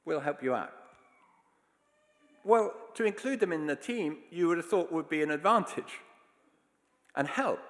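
A man preaching a sermon, telling stories in an earnest, emphatic way. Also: fairly high pitch. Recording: long hall reverb.

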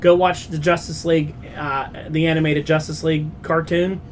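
A man co-hosting a pop culture podcast, talking in an opinionated, animated way and swearing casually. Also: a little high, normal speed, a little hiss or hum. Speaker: podcast co-host.

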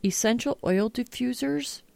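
A woman's voice: on the high side, a little slow, gravelly, darkish tone, no room sound. A woman hosting a podcast, chatting casually and ranting with lots of swearing. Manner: profane, ranting, exasperated. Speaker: podcast host. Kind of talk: casual chat.

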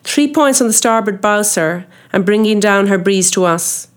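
A woman voicing a sailor who reports briskly from the masthead in an audiobook reading. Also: mid-range voice, natural voice. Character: male sailor calling from the masthead.

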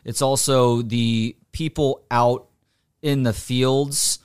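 A man hosting a radio talk show, speaking in a measured, thoughtful way in casual chat. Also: medium pitch, fairly even intonation, clean tone.

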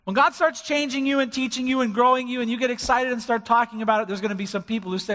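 A man's voice: very high-pitched, steady tone, fast, hardly any pauses, fairly bright tone, long reverb tail. A man preaching a sermon as pastor of a church, building emphasis and acting out quotes. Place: church sanctuary.

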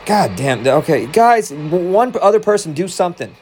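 A man casually commenting on a baseball game as he watches, rambling, joking and swearing, with sudden excited outbursts. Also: high voice, normal speed. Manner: rambling, profane, jokey, prone to excited outbursts. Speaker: baseball watch-along streamer.

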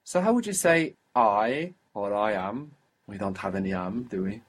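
A man's voice: on the low side, expressive, moderate pace, husky. A man teaching a spoken language lesson, patiently prompting and praising his student.

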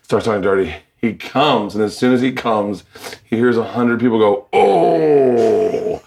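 A man's voice: lowish voice, steady tone, normal speed. A man, the host and a comedian, telling profane stories with energy in a casual chat.

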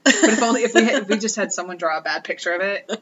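A woman's voice: mid-range voice, expressive, racing, highs cut off. A woman co-hosting a podcast, telling ghost stories in a wry, joking, casual way. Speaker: podcast co-host. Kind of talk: casual chat.

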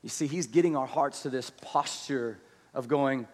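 A man preaching a sermon who moves from hushed, slow scripture reading to loud, rapid exhortation and has the congregation repeat words after him. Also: medium pitch. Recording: long hall reverb.

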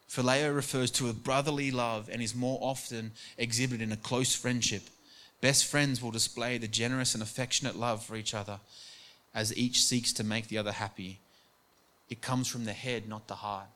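Man, pastor preaching, earnest, mid-pitched voice, repeats words for emphasis. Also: fairly even intonation, normal speed, a bit bright. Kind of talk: sermon.

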